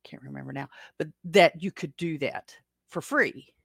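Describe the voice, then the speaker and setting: A woman's voice: deep voice, moderate pace, creaky, a bit bright, husky, no room sound, clean studio sound. A woman hosting a casual livestream chat, rambling along with frequent self-corrections and small laughs. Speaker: podcast host.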